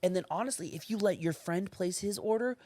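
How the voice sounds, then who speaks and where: A man co-hosting a podcast, ranting in casual chat, profane and animated as he acts out other people. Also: high voice, brisk, no room sound, clean studio sound. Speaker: podcast co-host.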